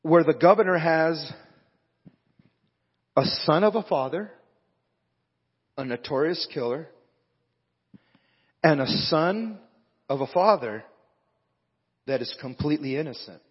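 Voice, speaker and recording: This pastor's voice sits on the high side with a breathy edge; he's expressive, slow, and pauses frequently. His sermon is conversational, with asides to the congregation between readings, recorded dull and lo-fi with long reverb in a church hall with a live band.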